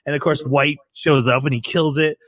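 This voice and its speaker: A man's voice: fairly high pitch, steady tone, normal speed, fairly bright tone, no echo. Man, podcast host, casual chat, laughs a lot, dry close sound. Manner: rambling, laughs often, acts out quotes.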